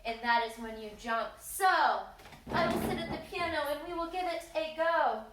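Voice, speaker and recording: A woman's voice: high-pitched, expressive, moderate pace, background noise. A woman music teacher leading a children's lesson, cheerfully explaining, singing song lines and guiding movements. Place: room with a piano. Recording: roomy echo, voice somewhat off-mic, piano.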